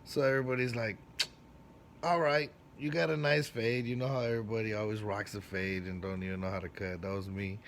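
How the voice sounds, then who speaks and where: Animated man telling his barber story. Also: fairly quick, slight background noise. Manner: animated, acts out quoted lines with big jumps in pitch and loudness; street slang and swearing. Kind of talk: casual personal storytelling.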